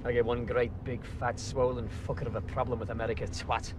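An actor playing a foul-mouthed, boastful English gangster with an English accent, ranting in a moving car. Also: male voice, mid-range voice, flat delivery, brisk, background noise, lightly acted. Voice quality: profane, boastful, mocking. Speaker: film character.

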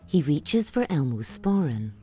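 A woman reading scripted audio description of a film, calm and even. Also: low-pitched, a little slow, faint music behind.

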